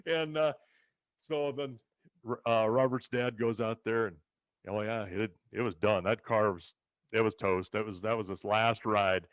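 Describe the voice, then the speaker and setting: Animated male ranch storyteller. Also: fairly low pitch, a little slow, dry recording, dull audio. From rural western United States. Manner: animated storyteller who acts out other people's lines. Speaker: ranch co-host telling family stories. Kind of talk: casual storytelling chat.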